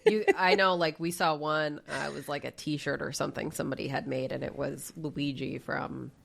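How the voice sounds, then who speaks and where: Low, gravelly-voiced woman chatting. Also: moderate pace. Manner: chatty, animated storytelling, frequent fillers and swearing. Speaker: podcast co-host. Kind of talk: casual chat.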